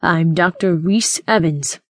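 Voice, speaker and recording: A woman voicing an older male scientist, a grandfather who speaks in a measured, regretful way. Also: a little high, no echo, studio quality.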